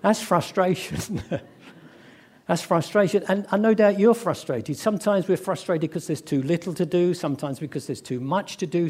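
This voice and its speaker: Man, preaching; tells stories with animated, fairly high delivery. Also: husky. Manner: animated storyteller who acts out quoted voices. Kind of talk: sermon with storytelling.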